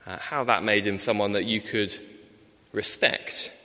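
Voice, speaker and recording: A man's voice: lowish voice, steady tone, pushed and bright. Man preaching in a reverberant hall. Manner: measured, frequent "uh" fillers, rhetorical questions. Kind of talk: sermon. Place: church. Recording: long reverb of a large hall.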